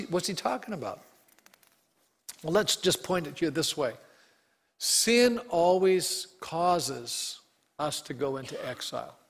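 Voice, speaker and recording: A male pastor delivers an earnest sermon in a slightly higher voice than most men. His words carry a long reverb, as if he is preaching in a big hall. He slows down and drops his voice on the lines he reads from scripture. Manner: earnest preaching, reading scripture aloud with slowed, falling emphasis.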